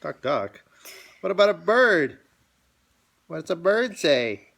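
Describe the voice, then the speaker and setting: A man's voice: on the high side, sing-song, slow pace, gravelly, a bit bright. A father playfully coaxing his toddler with simple questions in a home video.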